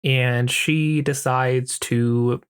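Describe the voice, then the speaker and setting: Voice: medium pitch, fairly even intonation, drawn-out words, clean tone. A podcast host giving a casual, profane, rambling recap of a horror movie, with lots of filler words. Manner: profane, rambling, heavy use of "like".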